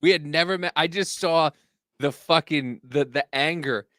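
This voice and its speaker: A man co-hosting a casual chat, telling a story in an animated, swearing way and acting out angry quotes. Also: on the high side, moderate pace, no room sound. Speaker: podcast co-host.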